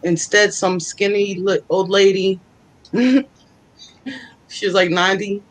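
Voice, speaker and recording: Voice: mid-range voice, takes it slowly, a bit bright, low-quality recording. Chatty, laughing psychic reader. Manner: chatty, laughs often, relays spirit voices. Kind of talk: casual live psychic reading.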